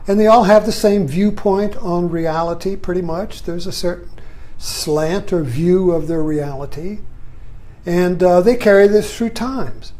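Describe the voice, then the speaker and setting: A man's voice: high voice, a little slow, dark tone. An older man giving a rambling, reflective monologue, often adding "you see" as he thinks aloud. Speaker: vlogger. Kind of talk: musing monologue.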